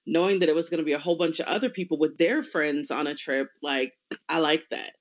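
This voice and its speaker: A woman's voice: low-pitched, fast talker, dull audio. Enthusiastic woman rambling in chat. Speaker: co-host. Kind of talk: casual recap chat.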